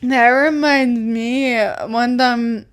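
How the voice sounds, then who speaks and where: A woman's voice: a little high, fairly even intonation, extremely slow, clear, resonant tone. A young woman co-hosting a podcast in casual chat, teasing, blunt and swearing casually. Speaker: podcast co-host.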